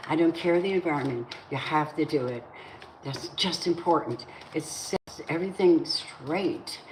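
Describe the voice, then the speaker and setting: A woman's voice: low voice, darkish tone. A middle-aged woman giving a casual tarot reading, blunt and outspoken. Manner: blunt, swearing, flares up into angry venting. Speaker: tarot reader. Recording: echoey room with faint noise.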